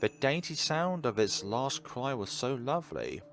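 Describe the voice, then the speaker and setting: A man voicing a lonely, dreamy young girl with a dark streak, reading the game text in a wistful sing-song way. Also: mid-range voice, very animated, measured pace, faint music behind, pitched above the performer's own voice.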